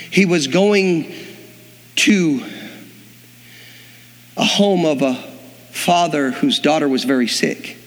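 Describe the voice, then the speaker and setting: High-voiced preacher man, dramatic storytelling. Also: fairly bright tone. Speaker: pastor. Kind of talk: sermon. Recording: long hall reverb.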